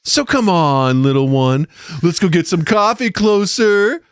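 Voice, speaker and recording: A man's voice: high voice, very animated, measured pace, clear, resonant tone, dry recording, studio quality. A man voicing a smug, condescending salesman who talks sweetly to a child, in swooping sing-song baby talk.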